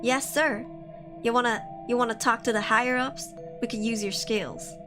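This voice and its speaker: A grizzled old man speaks in a low, slow southern drawl, as a woman reading a horror story puts him on. He sounds gruff and unhurried. Music plays clearly underneath. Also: steady tone, lightly acted.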